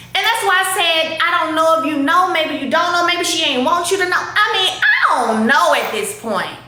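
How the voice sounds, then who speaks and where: Animated woman ranting in an echoey room. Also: very high-pitched, normal speed, slight background noise. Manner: animated, emphatic, repeats herself. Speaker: show host addressing critics. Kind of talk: casual direct-to-camera rant.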